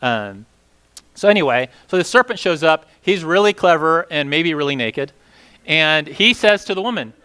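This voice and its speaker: A man's voice: fairly high pitch, lively intonation, normal speed, bright, forceful tone, clear, resonant tone. A man leading a casual Bible teaching session, talking conversationally with many fillers and asking the group questions.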